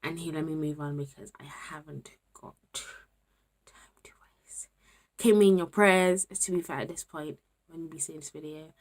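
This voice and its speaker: A woman's voice: low voice, moderate pace, pauses often. A young woman, a student talking candidly to camera in a casual vlog, often dropping to a murmur. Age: 20s. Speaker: university student vlogger.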